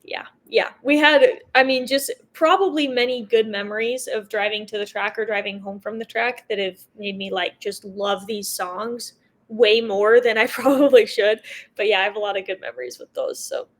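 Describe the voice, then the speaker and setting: A young American woman talking casually as an interview guest, chatty and quick to laugh, with lots of fillers. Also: medium pitch, steady tone. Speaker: guest, motocross racer.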